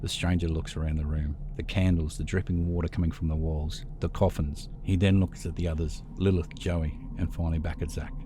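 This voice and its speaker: A man narrating a horror story script in a steady, measured way. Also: very deep voice, background noise.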